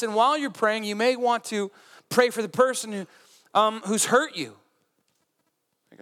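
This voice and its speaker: A man's voice: sits high, normal speed, pauses often, fairly bright tone. A man preaching a sermon as a pastor, conversational and earnest, with humor and asides, in a church. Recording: reverberant church hall.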